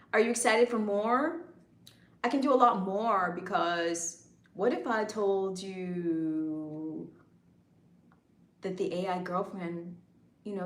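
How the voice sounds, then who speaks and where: A woman's voice: medium pitch, reverberant. A woman hosting a casual livestream, hyped and chatty, talking straight to her viewers. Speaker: livestream host and content creator. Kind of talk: casual live chat.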